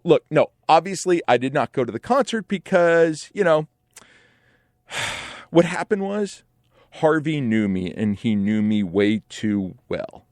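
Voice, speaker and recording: A man in his forties tells a comic personal story, rambling, animated and profane, peppering it with "like" and "right?". His pitch is medium, and the recording is studio quality with no echo.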